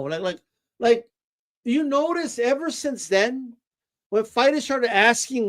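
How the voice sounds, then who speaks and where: A man's voice: very high-pitched, animated, slow pace. A man hosting casual boxing commentary, ranting with rhetorical questions and repeated words. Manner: ranting, rhetorical "right?" tags, repeats words, says "bro".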